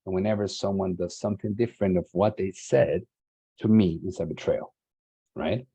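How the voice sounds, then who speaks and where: A man's voice: low voice, normal speed, creaky, mellow, husky, rough recording. A man in his forties from Latin America giving an earnest, emphatic motivational talk and repeating key words for stress. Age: 40s. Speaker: summit speaker.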